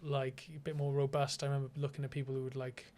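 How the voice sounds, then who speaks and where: There's slight background noise as this podcast co-host, a man of medium pitch, talks fast. His casual chat is full of lively stories, heavy swearing, and frequent laughter.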